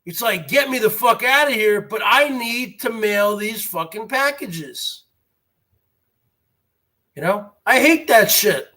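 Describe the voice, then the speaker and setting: A man's voice: high-pitched, animated, slow, pushed and bright. A man hosting a basement livestream, rambling and complaining with profanity and frequent restarts. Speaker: livestream host. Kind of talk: casual rambling livestream monologue.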